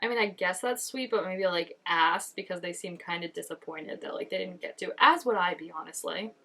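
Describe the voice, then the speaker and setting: A woman hosting a casual reaction video, chatty and animated, with lots of filler words and quick laughs. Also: fairly low pitch. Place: indoors at home, changing daylight.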